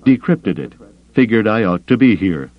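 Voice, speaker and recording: A man's voice: on the low side, expressive, normal speed, muffled recording, pitched above the performer's own voice, lightly acted. A man doing a snarling cornered traitor. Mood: blustering. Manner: tense, snarling. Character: cornered male traitor, blustering and menacing.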